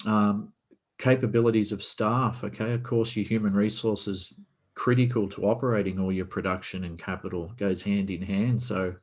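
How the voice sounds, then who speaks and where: An Australian man, a guest on a podcast, explains business operations in a casual video-call conversation and poses rhetorical questions. His voice sits on the low side, with a steady tone and normal speed.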